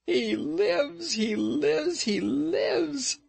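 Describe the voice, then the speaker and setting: A man voicing a gleeful, spiteful old witch woman who screeches in high, leaping tones. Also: sing-song, slow pace, vocal fry, fairly bright tone, dry recording, full character voice. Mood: ecstatic. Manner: shrill and screeching, high jumps.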